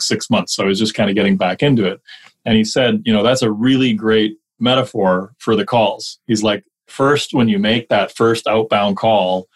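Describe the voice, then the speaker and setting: A man coaching mortgage brokers in a casual podcast conversation, energetic and quick to rattle off lists of examples. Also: fairly low pitch, husky.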